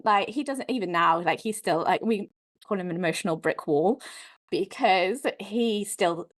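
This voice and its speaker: Frank woman telling her story. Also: medium pitch. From Wales. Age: adult mother. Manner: frank, expressive, peppered with "like" and mild swearing. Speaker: podcast guest. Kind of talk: candid conversational storytelling.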